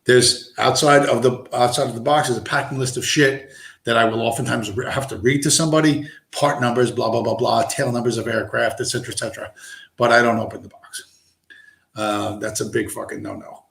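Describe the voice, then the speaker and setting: A man's voice: mid-range voice, steady tone, a little fast, vocal fry, a bit bright. A man streaming, telling a rambling story with heavy swearing and constant asides. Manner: profane, digressive, lots of fillers. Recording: roomy echo.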